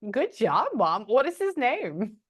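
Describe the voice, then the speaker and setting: A woman giving a casual spoken reading as a psychic medium, often pausing and muttering "hold on" while she thinks. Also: fairly high pitch, very animated, slightly rough.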